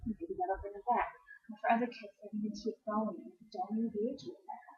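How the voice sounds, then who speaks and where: A woman giving parenting advice in a casual chat, animated as she acts out what a parent and child might say. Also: mid-range voice, brisk. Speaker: parenting expert guest. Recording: roomy, dull lo-fi sound.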